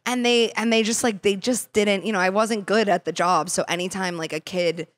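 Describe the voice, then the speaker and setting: A woman's voice: mid-range voice, steady tone, normal speed, no echo. Woman, podcast guest, giggly casual storyteller, dry recording. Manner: giggly, laughs through her stories. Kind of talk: casual chat.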